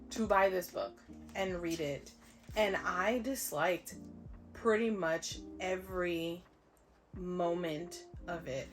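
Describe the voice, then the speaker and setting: A young woman talks through her reading in a relaxed vlog, her voice sitting low. She is blunt and sarcastic, and she swears freely. Soft music plays faintly behind her. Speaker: book vlogger. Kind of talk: casual book review chat.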